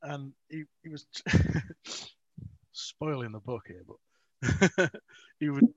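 A man's voice: a little high, extremely slow, dry recording. A man, an author, telling rambling, self-mocking stories with frequent laughs in a casual interview. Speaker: author, guest. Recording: dry, dull lo-fi audio.

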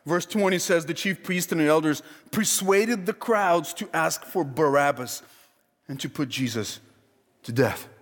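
A man preaching a sermon, emphatic and animated, acting out the voices in the story he retells. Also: fairly high pitch, unhurried. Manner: emphatic, animated, acts out quoted crowd and Pilate. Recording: long hall reverb.

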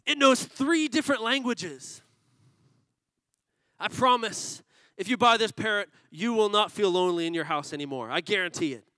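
A man's voice: expressive, normal speed, sharp tone, dry recording. A man doing an eager, salesy pet shop owner. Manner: salesy, reassuring pitch. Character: eager, fast-talking male pet shop owner, middle-aged.

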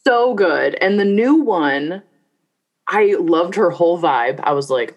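A woman co-hosting a casual chat, wry and quick to laugh as she retells scenes. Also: medium pitch, very animated. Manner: wry, laughs easily, storytelling. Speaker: podcast co-host.

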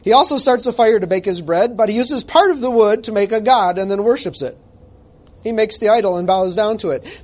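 Male pastor with a high voice, emphatic and conversational sermon, self-deprecating asides. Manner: emphatic, conversational, jokes at himself. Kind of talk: sermon with scripture reading.

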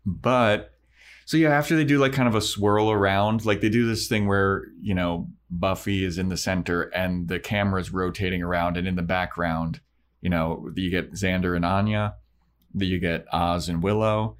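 A man's voice: low-pitched, fairly even intonation, moderate pace. A man co-hosting a podcast, casually recapping a TV episode and acting out the characters' lines as he retells it. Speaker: podcast co-host. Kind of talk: casual chat, recapping a show.

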